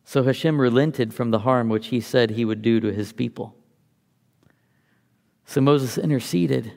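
Male Bible teacher, gravelly, mid-pitched, conversational explainer; long hall reverb. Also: a little slow, a little mellow. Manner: conversational, thinks aloud while explaining.

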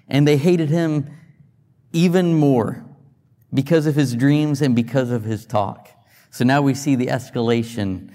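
A man preaching a sermon in a church, talking it through like a teacher, with restarts and questions thrown at the congregation. His mid-pitched voice rings out with a long reverb from the hall around him. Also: a little slow, dark tone. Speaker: pastor. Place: church sanctuary.

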